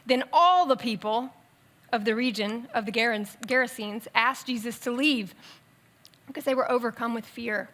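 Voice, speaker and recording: Animated woman preaching, high voice. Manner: conversational, animated with asides and quick bursts. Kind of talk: sermon. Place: church sanctuary.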